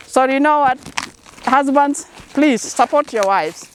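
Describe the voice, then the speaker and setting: A woman's voice: sits high, slow, a little hiss or hum. A middle-aged woman with a Kenyan accent, a corn farmer answering interview questions in an earnest, encouraging, storytelling way. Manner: earnest and encouraging, telling stories.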